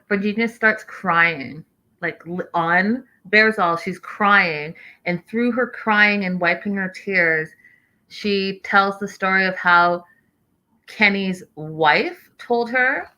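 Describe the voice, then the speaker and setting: A woman's voice: medium pitch, takes it slowly, bright, forceful tone, rough recording. A woman host talking casually through a reality show recap, reading out live chat messages as she goes.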